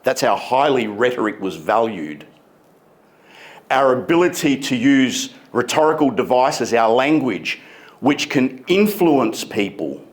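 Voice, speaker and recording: A man giving a motivational keynote speech on a conference stage, emphatic and deliberate, stretching key words. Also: mid-range voice, big pitch swings. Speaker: keynote speaker.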